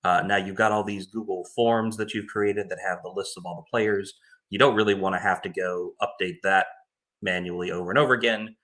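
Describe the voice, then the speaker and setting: A man's voice: low-pitched, fairly even intonation, brisk, a bit bright. A man who runs tournaments, informally and plainly walking through his scoring tools in a casual screen-share tutorial.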